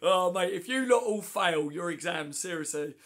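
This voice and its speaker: Hoarse man chatting on a fan livestream. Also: sits high, expressive, moderate pace, fairly bright tone. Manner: chatty, matey, answers comments one by one. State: hoarse with flu. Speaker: livestream host. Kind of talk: casual livestream chat reading viewer comments. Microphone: phone.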